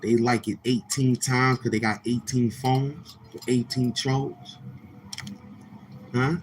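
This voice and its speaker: A man's voice: medium pitch, fairly even intonation, slow pace, background noise. A man hosting a livestream, ranting loosely with restarts and mocking quoted voices. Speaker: livestream host. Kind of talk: casual livestream rant.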